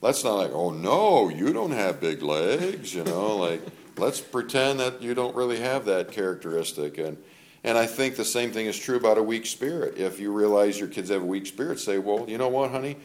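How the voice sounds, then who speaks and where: A man's voice: on the low side, animated, a little fast. An older man giving faith-based parenting advice in a rambling, casual way, laughing as he tells family stories.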